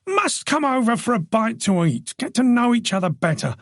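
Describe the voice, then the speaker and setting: A man's voice: very high voice, sing-song, a bit bright, no echo, clean studio sound, voice pushed up, exaggerated voice. A man voicing a hearty, breezy neighbour husband in an audiobook. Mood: jovial. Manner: breezy, friendly, brisk.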